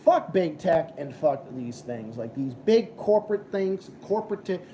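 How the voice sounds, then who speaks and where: A man's voice: on the high side, very animated, a little slow, dark tone, slight background noise. A young man hosting a live stream, ranting and swearing as he chats with viewers. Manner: profane, ranting, combative. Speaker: livestream host. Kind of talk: casual live-stream chat.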